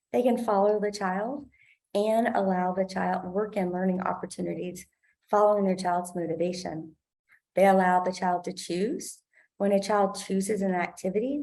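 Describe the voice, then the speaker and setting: Gravelly-voiced woman teaching parents. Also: mid-range voice, a little mellow. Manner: clear, explanatory, acts out quoted parents. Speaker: parent trainer. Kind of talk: instructional presentation.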